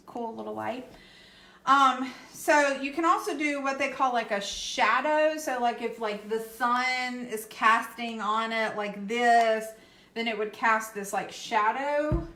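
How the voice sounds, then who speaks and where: Casting note: higher-voiced woman, relaxed craft-tutorial host, reassuring, echoey room. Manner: chatty, reassuring, tags with "okay?". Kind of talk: casual painting tutorial.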